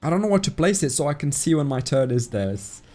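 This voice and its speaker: A man's voice: fairly high pitch, very animated, a little fast, a little mellow, soft background music. A man with a non-native English accent streaming a game, chatting casually and thanking viewers in chat as he plays. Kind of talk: casual live-stream commentary while playing.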